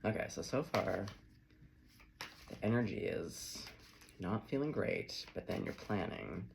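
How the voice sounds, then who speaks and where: A man's voice: lowish voice, very animated, unhurried, vocal fry, a little hiss or hum. A man giving a casual, chatty tarot reading to camera, wandering off on tangents as he talks. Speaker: tarot reader.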